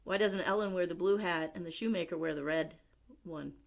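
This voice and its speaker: A woman reading a helpful boy's suggestions in a storybook, lower and softer than her narration. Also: brisk, gravelly. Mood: suggesting.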